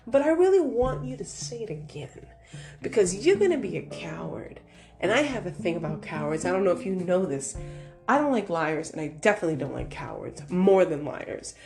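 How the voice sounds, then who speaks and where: A woman from New York giving casual motivational advice, animated and confrontational, acting out voices as she tells stories. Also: on the low side, moderate pace, vocal fry, music in the background. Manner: animated, confrontational storyteller who acts out voices. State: hard of hearing. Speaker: vlogger.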